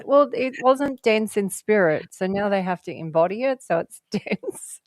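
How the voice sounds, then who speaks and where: A woman's voice: mid-range voice, animated, a little slow, dry recording. Chatty, dry-sounding woman guest, laughing often. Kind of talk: casual conversation, storytelling.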